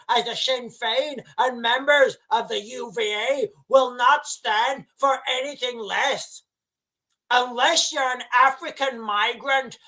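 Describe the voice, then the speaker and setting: A man's voice: extremely high pitch, bright, forceful tone, voice pushed up, heavily acted. A man voicing a ranting male Irish republican militant in a put-on Irish accent, speechifying defiantly.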